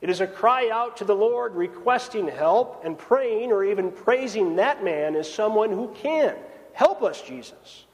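A man preaching a sermon, swinging between raised emphasis and hushed, drawn-out phrases. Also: sits high, expressive. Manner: dramatic swings from loud to hushed. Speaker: pastor. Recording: long reverb of a large hall.

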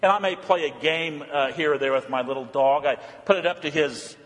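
High-voiced preacher in a reverberant church. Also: male voice, a little fast. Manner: animated preaching, rising pitch for emphasis and dropping low and soft for reflection. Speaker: pastor. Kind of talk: sermon. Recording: long hall reverb.

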